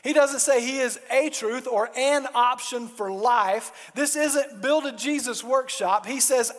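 A man with a very high voice delivers a sermon with lively, emphatic preaching. He slips into quick mock dialogues before landing on strong declarations. His voice rings with long reverb, as in a large hall. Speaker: pastor.

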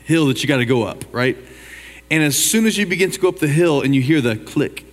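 A man preaching a sermon, telling a story in a folksy, animated way and putting questions to his congregation. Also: fairly high pitch, fairly quick. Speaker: pastor. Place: church auditorium. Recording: church hall reverb.

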